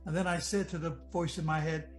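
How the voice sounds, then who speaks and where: A man from Michigan giving an earnest personal testimony about nearly drowning, reflective and halting, often restarting his sentences. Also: on the high side, level tone, low-quality recording. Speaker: near-death experience storyteller. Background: soft music.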